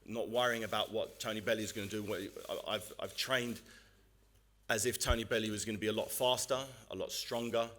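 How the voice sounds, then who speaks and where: Determined man with a low voice. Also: a bit bright. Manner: measured, determined, earnest. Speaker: boxer at a press conference. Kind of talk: press conference answers.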